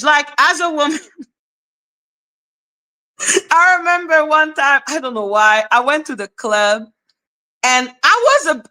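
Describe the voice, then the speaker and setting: A woman with a high, bright, clear voice talks to her livestream viewers in unhurried, animated casual chat. She keeps checking in with them, laughs often and drops casual swear words. Her delivery is easygoing and expressive. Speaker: livestream host.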